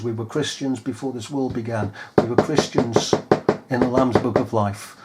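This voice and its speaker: A man's voice: mid-range voice, steady tone, normal speed, very noisy. A man preaching a fiery sermon, scolding his listeners with pointed rhetorical questions.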